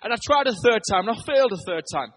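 A British pastor preaches with restless energy, his voice sitting high for a man. He tells stories fast, stumbling and repeating words as he goes. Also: lively intonation, a bit bright. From England. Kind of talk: sermon.

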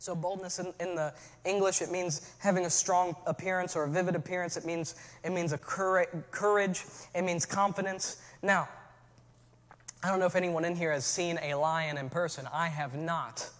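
A man preaching a sermon as pastor, moving from relaxed storytelling to shouted calls to his church. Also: high-pitched, moderate pace, long reverb tail.

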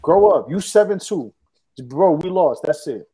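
A man's voice: fairly high pitch, expressive, unhurried, mellow, slightly rough. A man co-hosting a casual talk show, ranting and mocking in heavy profanity. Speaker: podcast co-host. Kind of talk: heated casual chat.

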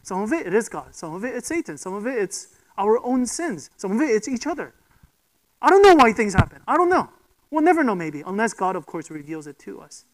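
A preacher delivers a sermon in a voice of middling pitch. The delivery is emphatic and built around rhetorical questions, with frequent check-ins with the listeners. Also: very animated, brisk, hardly any pauses, slight background noise, poor audio.

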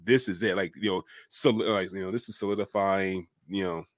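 A man's voice: sits low, steady tone, fairly quick, no echo, clean studio sound. A man co-hosting a casual podcast, rambling and joking with lots of fillers. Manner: rambling, full of fillers, jokey. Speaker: podcast co-host. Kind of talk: casual chat.

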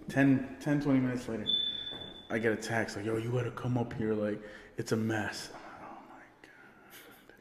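A man's voice: mid-range voice, animated, normal speed, pauses often, noisy background. A man telling a party story in casual chat, rambling and swearing, laughing often. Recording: roomy with long reverb.

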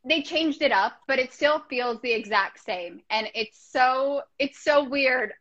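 A woman's voice: high voice, a little slow, a bit bright. A woman hosting a podcast, chatting in a bubbly, gushing way and laughing often. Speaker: podcast host. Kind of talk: casual chat. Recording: dull, slightly muffled sound.

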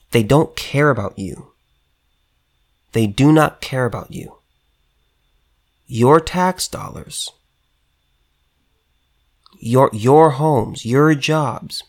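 A man's voice: mid-range voice, very slow, long pauses, darkish tone. A heated male commentator talking straight to his audience, hammering his points with repetition. He trips over restarts as he builds up steam, his voice in an ordinary middle register. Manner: emphatic, repetitive, stammering restarts, addresses viewers directly. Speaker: political commentator. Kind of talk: impassioned political rant.

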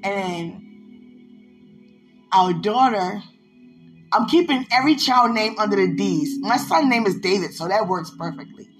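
A woman vlogging to a loved one rambles to the camera, gushing and giggling, her voice swinging up and down. Her mid-range voice has lively intonation at a measured pace, with long pauses. The recording is low quality, with music playing beneath.

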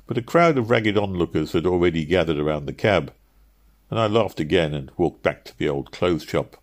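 A man narrating an audiobook in a measured, steady reading. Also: sits low.

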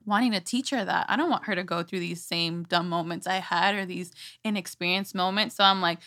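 A young woman, a mother, telling personal stories in a casual interview, animated and quick to act out her own words. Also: lowish voice. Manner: animated, quotes herself in lively voices. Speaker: guest, mother and church speaker.

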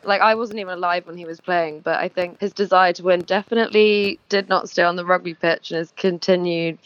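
A young woman on a phone call, chatting in a quick, teasing way. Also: fairly low pitch, fairly even intonation, clear, resonant tone, dry recording. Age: young adult. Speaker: caller, guest's daughter. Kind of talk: casual phone chat. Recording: muffled phone line.

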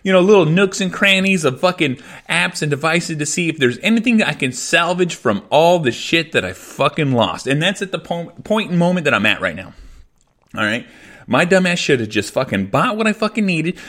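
Frustrated solo podcast host, swears constantly and runs himself down; slightly higher male voice. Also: big pitch swings, brisk, a bit bright. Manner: profane and venting, self-deprecating. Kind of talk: solo rant.

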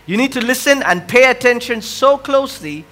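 A man preaching a sermon as a pastor, questioning the congregation and swinging between loud impassioned cries and hushed, quiet lines. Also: animated, normal speed, noisy background. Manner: swells loud and high on impassioned cries, drops to quiet near-whispers.

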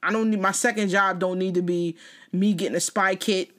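A woman co-hosting a casual talk show, telling stories in an animated way and acting out the people in them, laughing often. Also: medium pitch, brisk. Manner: animated storyteller who mimics others and laughs often. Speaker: podcast co-host. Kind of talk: casual banter.

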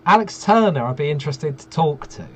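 Dry-humored man, lively pitch. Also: a little fast. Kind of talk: casual banter. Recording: dull lo-fi sound with faint background noise.

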